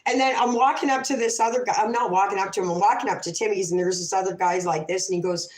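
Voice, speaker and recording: A woman's voice: mid-range voice, fast talker. A woman telling a rambling, emotional story on a casual livestream, often cutting herself off, restarting and swearing freely. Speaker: livestream host. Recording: echoey room.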